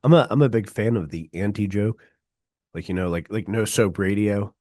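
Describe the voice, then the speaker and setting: A man's voice: lowish voice, moderate pace, a little mellow, no echo. A man hosting a radio show, chatting casually and with enthusiasm in a studio, saying "like" a lot. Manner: enthusiastic, laid-back, says "like" often. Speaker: radio host. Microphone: studio mic.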